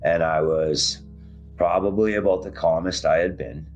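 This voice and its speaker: A man's voice: steady tone, moderate pace, dull audio, soft background music. A man telling his own survival story in a raw, intense way, his voice rising and dropping with emotion. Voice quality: very deep husky voice. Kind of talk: emotional first-person storytelling.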